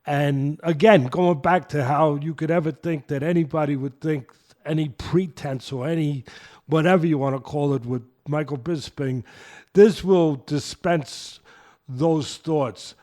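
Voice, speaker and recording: An older man hosting an interview show, asking long, halting questions full of restarts. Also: fairly high pitch, darkish tone. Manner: halting, rambling setups with restarts. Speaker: host.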